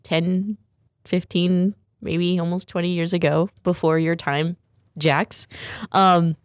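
A woman's voice: on the low side, little pitch movement, takes it slowly, no room sound, studio quality. A woman hosting a talk show in a chatty, rambling way. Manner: chatty, rambling, laughs often. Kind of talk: casual chat.

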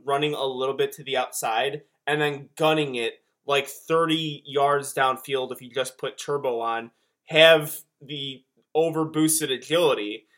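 A man co-hosting a podcast, chatting casually in a rambling, animated way. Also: on the high side. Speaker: podcast co-host. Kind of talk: casual chat.

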